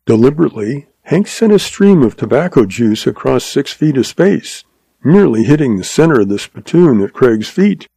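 A man reads a western story aloud in steady, measured narration. His voice is gravelly with a touch of fry, and the recording is dry and close. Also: medium pitch, no echo. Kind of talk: audiobook story reading.

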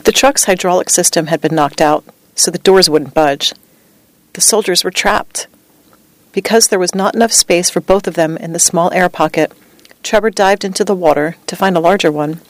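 A woman reading a true story as scripted narration, with a measured, even delivery. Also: fairly low pitch, no room sound.

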